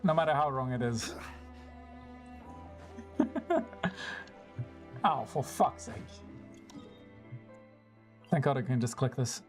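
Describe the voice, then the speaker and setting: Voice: mid-range voice, soft background music. A young-adult streamer chatting with viewers over live gameplay, teasing them, laughing a lot and swearing casually. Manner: chatty, teasing and quick to react.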